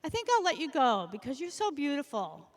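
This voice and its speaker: A woman's voice: sits high, big pitch swings, fairly quick. A woman voicing a content, easygoing fisherman who speaks mildly. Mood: wondering. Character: gentle content old fisherman. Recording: long hall reverb.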